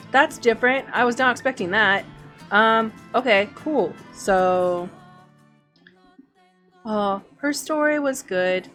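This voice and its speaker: A woman's voice: on the high side, slow, pauses often, fairly bright tone, faint music behind. Chatty woman streamer thinking aloud. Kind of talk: let's-play commentary.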